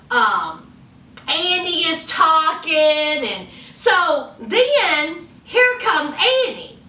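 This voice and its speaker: High, lively, sassy woman vlogger. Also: recorded from a distance. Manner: chatty, sassy, laughs often, calls viewers honey. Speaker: reality TV reviewer. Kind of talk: casual episode recap. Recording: echoey room, away from the mic.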